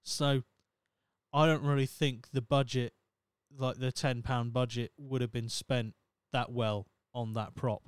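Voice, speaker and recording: A young man hosts a comedy podcast, reading articles aloud and breaking off into sarcastic, profane rants. His voice is smooth and full-bodied. The sound is dry, with no room around it. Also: medium pitch, steady tone, measured pace, dry recording. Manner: ranting, sweary, sarcastic asides. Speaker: podcast host. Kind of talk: casual comedic commentary.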